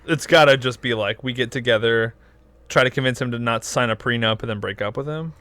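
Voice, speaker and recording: A man's voice: medium pitch, fairly quick, a bit bright, dry recording. A young man co-hosting a podcast, chatting casually with crude jokes and lots of "like" fillers. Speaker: podcast co-host. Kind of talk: casual chat.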